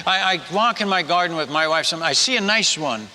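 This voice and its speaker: High-pitched older man preaching in a hall. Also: brisk, a little hiss or hum. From Netherlands. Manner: animated, acts out villagers and his wife in quotes. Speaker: missionary speaker. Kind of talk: humorous sermon storytelling. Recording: long hall reverb.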